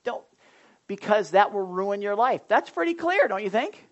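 A pastor preaching to a small group, talking straight to the people in front of him. His voice swings between loud, emphatic points and quiet asides. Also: high voice, very animated, moderate pace, muffled recording. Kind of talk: sermon to a small Bible study group.

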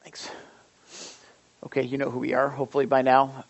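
A middle-aged man pastor leading a church prayer and then giving announcements, folksy and animated with many fillers. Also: mid-range voice, brisk, vocal fry, muffled recording. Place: church service.

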